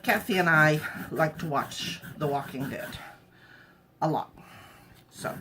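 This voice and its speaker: Against a noisy background, a low-voiced woman films herself cooking at home. The vlogger keeps up a wry, casual chat to the camera, peppered with jokey asides.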